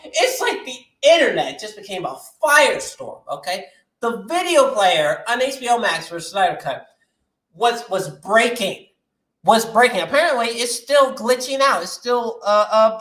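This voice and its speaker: A man hosting a movie news vlog, ranting with lots of swearing and swinging from shouting to muttering. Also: sits high, reverberant. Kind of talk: animated solo movie-news rant.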